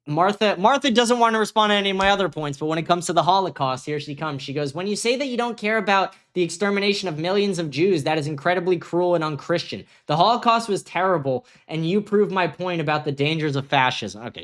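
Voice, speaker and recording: A man's voice: fairly high pitch, animated, fairly quick, fairly bright tone. A young man hosting a livestream show, reading viewer comments aloud and answering them in a heated, profane rant. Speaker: host.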